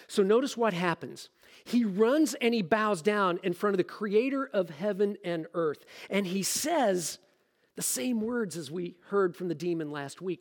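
Preaching a little slowly, a high-voiced pastor keeps his sermon lively and peppers his scripture explanation with casual jokes. His words ring with long reverb, like a big hall.

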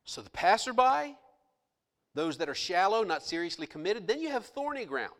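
A male pastor preaching a sermon with passion, swinging between loud outbursts and hushed asides. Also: sits high, big pitch swings, normal speed, long reverb tail.

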